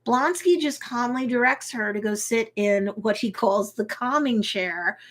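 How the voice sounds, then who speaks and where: A woman's voice: fairly high pitch, a little slow, fairly bright tone. A woman, an attorney, casually recapping an episode on a live stream, talking loosely with many fillers. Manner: briefly acts out quotes. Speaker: attorney hosting a reaction show.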